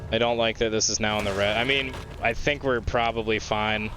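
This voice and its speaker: A young man giving live gameplay commentary, excitable, swearing often and shouting at the game. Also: on the low side, a little fast, noisy background. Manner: mocking sing-song voice when quoting the game. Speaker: gaming streamer.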